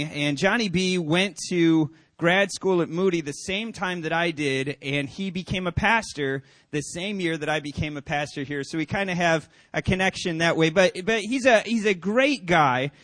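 In a sermon at church, a male pastor with a fairly high voice tells a story, performing the quoted voices with lively energy. The sound is close and dry, free of room echo.

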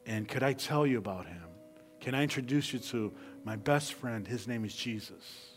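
A medium-pitched male pastor preaches at a moderate pace, moving from loud bursts to near-whispers and repeating key phrases for emphasis. Faint music plays behind him.

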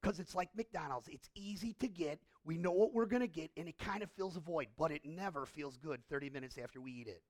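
A middle-aged male pastor preaching a sermon in a conversational way, asking the congregation questions and swinging from hushed to impassioned. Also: fairly high pitch, a little fast, hardly any pauses. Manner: conversational, asks the audience questions.

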